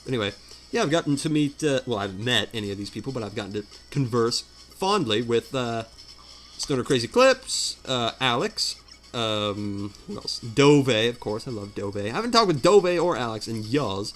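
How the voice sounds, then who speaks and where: A man's voice: medium pitch, very animated, moderate pace, fairly bright tone, faint music behind. A man chatting at home during a game playthrough, rambling and self-deprecating with many fillers. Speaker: let's play commentator. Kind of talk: rambling casual chat. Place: home room.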